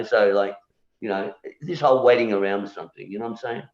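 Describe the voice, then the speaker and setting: Rambling low-voiced man on a video call. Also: quick pace. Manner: rambling, repeats words, keeps asking "you know?"; argues his point and challenges beliefs. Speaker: guest, musician. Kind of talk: casual conversation. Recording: echoey room, dull lo-fi sound.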